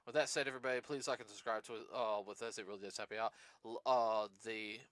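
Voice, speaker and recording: Rambling male podcast host, smooth voice. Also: lowish voice, fairly even intonation, fast, a bit bright, no echo. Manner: rambling, many fillers and restarts. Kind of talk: casual podcast chat.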